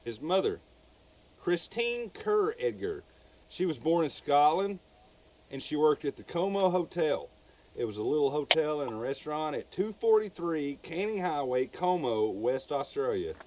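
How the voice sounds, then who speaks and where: A man's voice: fairly high pitch, sing-song, normal speed, a little mellow, a little hiss or hum. A Southern man co-hosting a podcast, telling a true crime story in a loose, rambling way. He stumbles over repeated words and swears freely.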